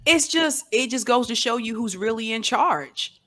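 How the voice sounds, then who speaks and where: High-voiced woman with an anchor-like delivery. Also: expressive, moderate pace, bright, forceful tone. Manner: clear, news-anchor-like delivery, indignant. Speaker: roundtable guest. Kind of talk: casual political chat.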